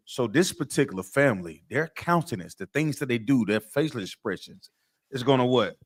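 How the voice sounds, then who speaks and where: A man leading a scripture class, quizzing his students with call-and-response questions and repeating himself to press a point. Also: mid-range voice. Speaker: class teacher.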